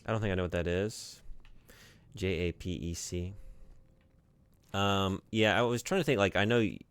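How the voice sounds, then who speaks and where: A man streaming a video game, chatting casually and rambling with lots of fillers and the odd swear. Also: low-pitched. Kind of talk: casual gaming stream chat.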